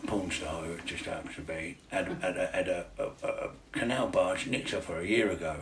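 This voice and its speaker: A gravelly-voiced middle-aged man tells his stories in loose chat, swearing freely and laughing as he goes. He sounds set back from the mic in an echoey room, with faint noise behind him. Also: low voice, steady tone, a little fast, a bit bright, recorded from a distance. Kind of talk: casual storytelling.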